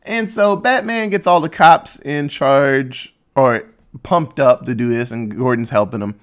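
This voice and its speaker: A man's voice: medium pitch, measured pace, smooth. A man casually recapping a movie plot in a rambling, sarcastic way, swearing freely.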